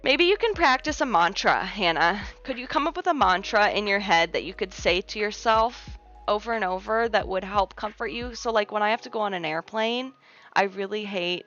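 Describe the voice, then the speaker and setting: Gentle, chatty young woman streamer. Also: medium pitch, animated, normal speed. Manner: gentle, reassuring, chatty with many fillers. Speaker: livestream host. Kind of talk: casual chat reading viewer comments. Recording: muffled lo-fi stream audio with faint music. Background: faint background music.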